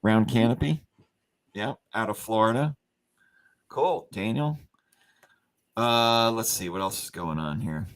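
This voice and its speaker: A man's voice: lively intonation, slow, long pauses. A man hosting a company livestream, telling a rambling story full of fillers and restarts and acting out the quotes. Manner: acts out quoted lines with big pitch jumps. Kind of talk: casual storytelling chat.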